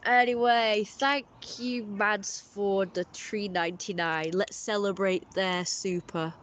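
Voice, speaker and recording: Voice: medium pitch, steady tone, takes it slowly, fairly bright tone. A livestream host chatting casually with viewers and reading their messages, rambling and often correcting themselves in a friendly way.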